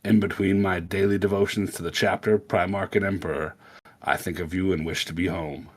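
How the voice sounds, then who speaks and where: A man's voice: low-pitched, fairly even intonation, a little fast. A man voicing a male soldier writing a letter home, read in an earnest tone with a put-on Southern US accent.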